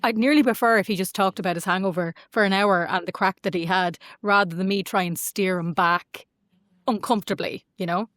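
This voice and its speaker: A woman's voice: medium pitch, brisk, no room sound. A woman in her forties with an Irish accent, a podcast guest chatting casually and telling stories, acting out what people said. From Ireland. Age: 40s. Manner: chatty, animated storytelling with acted-out quotes. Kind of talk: casual chat.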